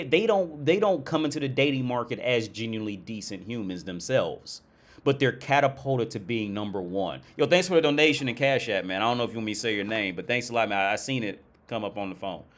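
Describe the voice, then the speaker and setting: A man hosting a livestream, commenting on clips in a blunt, crude, rambling way and often restarting his sentences. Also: medium pitch. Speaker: livestream host.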